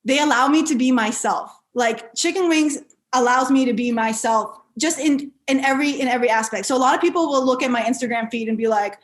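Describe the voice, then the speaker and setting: A woman giving a motivational keynote, telling personal stories with lively, animated delivery and frequent restarts. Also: on the high side, a little fast. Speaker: keynote speaker.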